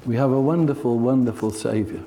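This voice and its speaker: A man's voice: mid-range voice, a little fast, mellow, slight background noise. A man preaching a sermon, telling stories in an earnest, heartfelt way.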